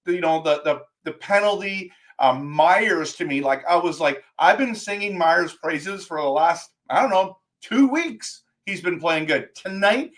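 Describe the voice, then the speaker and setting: A man hosting a live post-game stream, ranting in an animated, exasperated way about a hockey game. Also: high-pitched. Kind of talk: post-game fan talk.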